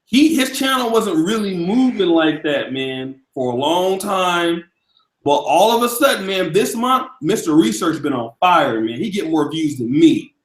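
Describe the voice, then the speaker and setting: Echoey, high-pitched live-stream host. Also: male voice, sing-song, measured pace. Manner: loose, profane, hypes up the audience. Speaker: livestream host. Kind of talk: casual live-stream chat.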